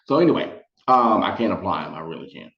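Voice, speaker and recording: Chatty man telling a storytime, echoey room. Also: highs cut off. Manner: chatty, animated, quick high-pitched voices for quoted people. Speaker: storytelling vlogger. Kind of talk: casual storytime monologue.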